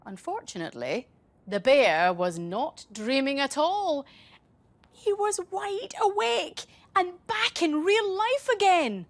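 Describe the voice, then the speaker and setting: A woman reading a bedtime story for children, gentle, soothing and playful. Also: sits high, expressive, takes it slowly.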